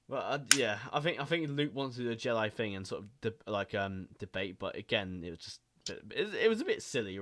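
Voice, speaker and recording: A man's voice: mid-range voice, background noise. A young man hosting a casual online podcast chat, rambling, swearing a lot and laughing often. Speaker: podcast host.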